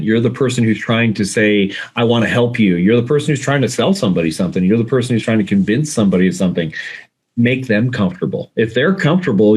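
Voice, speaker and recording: A man's voice: fairly low pitch, slightly rough. A man speaking as a communication coach and guest, giving emphatic, direct advice in a conversational way.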